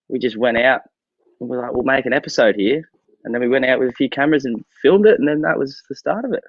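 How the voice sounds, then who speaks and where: A man's voice: medium pitch, dry recording, highs cut off. A young man, a lifeguard guest, chatting casually, laid-back and joking with frequent laughs. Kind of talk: casual interview chat.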